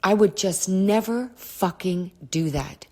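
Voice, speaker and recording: A middle-aged woman hosting a podcast, telling a personal story in a candid, blunt way, swearing often and drifting off topic, with a throat she keeps clearing. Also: medium pitch, lively intonation, slow, a little mellow. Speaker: podcast host.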